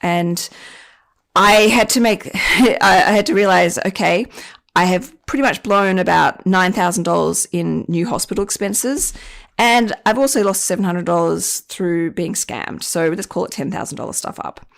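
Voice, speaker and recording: A woman's voice: lowish voice, normal speed, creaky. A woman hosting a personal finance podcast, telling a candid, self-deprecating story about her own mistakes. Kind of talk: confessional podcast monologue.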